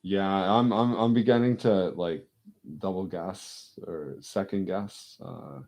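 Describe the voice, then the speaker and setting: A man's voice: low-pitched, fairly even intonation, slow, darkish tone. A man rambling in casual chat, often repeating himself and swearing freely. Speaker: casual talker.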